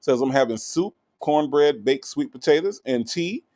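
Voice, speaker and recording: A male livestream host with a gravelly, creaky voice that swings widely in pitch. He talks casually and teases viewers as he greets them one after another. His delivery is lively and chatty. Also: moderate pace. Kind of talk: casual livestream chat reading viewer comments.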